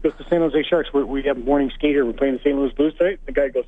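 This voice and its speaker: A man's voice: mid-range voice, quick pace, no room sound. A man, a former hockey coach, calling in as a guest on sports radio and telling chatty anecdotes with laughter. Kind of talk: casual storytelling on sports radio. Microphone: phone call. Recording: tinny phone line.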